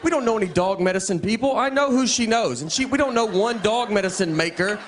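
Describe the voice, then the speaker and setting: A middle-aged man doing a stand-up comedy set in a deadpan, halting style, with many restarts. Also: high voice. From Tennessee. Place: live comedy venue. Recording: live set with crowd laughter and noise.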